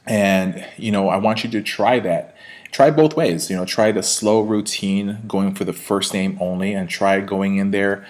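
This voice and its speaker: A man's voice: fairly low pitch, measured pace. A man, a sales trainer, giving an instructional talk straight to his viewers in a conversational way, with frequent fillers and tag questions.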